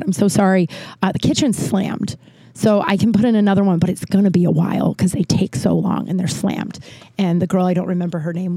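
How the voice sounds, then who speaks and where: A woman's voice: medium pitch, warm tone, no echo. A woman telling a story in a casual, chatty way, full of fillers and swearing, acting out what people said. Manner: chatty, lots of "like", swears, acts out quotes.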